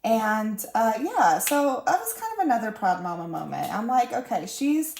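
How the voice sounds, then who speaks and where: A woman's voice: on the high side, very animated, moderate pace, vocal fry, slight background noise. A woman in her thirties chatting casually about her week while crafting at home, full of fillers and little laughs. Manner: chatty, warm-hearted storytelling with laughs and fillers. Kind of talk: casual chat. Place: room at home. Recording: roomy echo.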